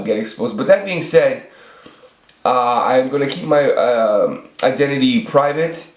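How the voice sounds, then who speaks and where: Man in his forties, mid-pitched, rants unscripted and profanely, echoey room. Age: 40s. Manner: rambling, profane, many restarts. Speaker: channel host. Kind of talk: off-the-cuff ranting vlog.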